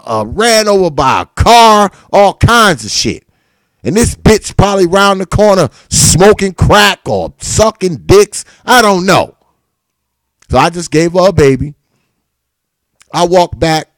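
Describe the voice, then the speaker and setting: Animated, profane male storyteller. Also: sits high, dry recording. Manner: animated, swearing freely, rising in outrage. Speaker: host of a live talk stream.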